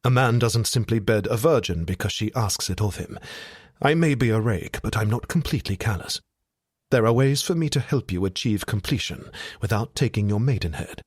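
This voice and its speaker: A roguish Victorian rake, read by a man, coaxes in a low, velvety murmur with a ragged edge. The voice sits deep and husky, recorded dry and close like a storybook. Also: lively intonation, moderate pace, no room sound. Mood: restrained.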